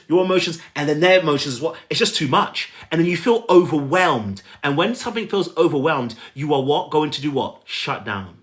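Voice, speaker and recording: A man giving relationship coaching, talking straight to the viewer in an animated, repetitive way. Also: on the high side. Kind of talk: coaching talk to camera.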